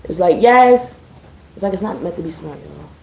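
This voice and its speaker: A chatty woman talks straight to her viewers in a mellow, warm voice, swearing freely with dry sarcasm. Her voice carries a roomy echo, like a live stream from home. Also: fairly low pitch, expressive, moderate pace, gravelly. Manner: chatty, profane, addressing viewers as y'all. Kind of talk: casual live-stream chat.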